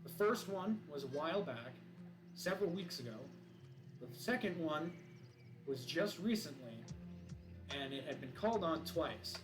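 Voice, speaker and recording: A male streamer telling a dramatic story in an animated way. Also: fairly high pitch, measured pace, pauses often, roomy sound, poor audio. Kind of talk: improvised spoken storytelling. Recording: voice over loud background music.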